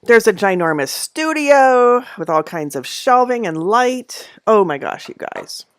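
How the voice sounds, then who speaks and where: A woman's voice: very animated, unhurried, no echo. A middle-aged woman chatting casually at home on a livestream, rambling with many fillers and small laughs. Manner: coos in a high voice at her cats. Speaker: knitting channel host.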